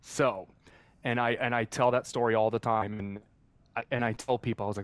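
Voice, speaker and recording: A man's voice: mid-range voice, steady tone, a little fast, clear, resonant tone, no room sound. A man who performs as a mascot, telling a story in a conversational interview, earnest and heartfelt with many fillers and restarts.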